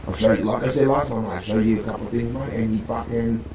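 A man's voice: lowish voice, steady tone, fast, roomy sound, a loud crowd, poor audio. A man playing a gang leader in a roleplay, rambling, swearing constantly and calling everyone mate. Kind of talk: in-character roleplay chat.

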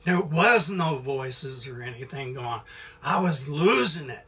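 A man's voice: medium pitch, lively intonation, unhurried, fairly bright tone, distant mic. A middle-aged man giving an informal sermon in a folksy way, with many "you know"s and restarts. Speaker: preacher.

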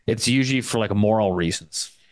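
A young man from Canada with a Canadian English accent, a guest talking casually in an interview, quick and full of fillers and restarts. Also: fairly low pitch, dry recording. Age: young adult. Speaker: guest market commentator.

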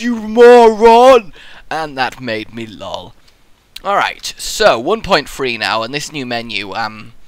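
A man's voice: mid-range voice, bright, forceful tone, no room sound. A young man, commentating his own gameplay in a rambling, goofy way, muttering to himself and slipping into silly voices. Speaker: Minecraft let's player.

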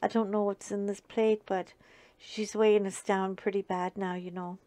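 A woman voicing a weary talking dinner plate that complains, in a deadpan delivery. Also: medium pitch, normal speed, no echo, close to an everyday voice. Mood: complaining.

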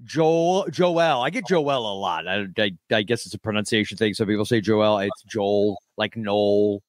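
A man's voice: lowish voice, normal speed, no echo. A man who is a guest on a podcast, chatting casually over a call in a rambling, stammering way with joking asides. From Central Florida. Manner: rambling, stammering, self-deprecating humor. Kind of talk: casual chat. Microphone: remote call.

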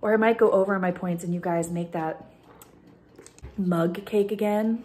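A woman's voice: fairly low pitch, a little slow, dark tone, a little hiss or hum. A woman in her thirties chatting casually to her viewers in a food vlog, bubbly and talkative, recorded on her own camera in a car and then at home. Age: 30s. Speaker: food vlogger. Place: in a car at a drive-thru, then a home kitchen. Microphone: camera or phone recording herself.

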